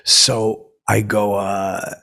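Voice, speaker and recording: A man's voice: lowish voice, monotone, vocal fry, bright, forceful tone. A man hosting a comedy podcast as a tired, rambling character, telling a story with many restarts and fillers. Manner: rambling, halting, full of uh and restarts. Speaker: podcast host.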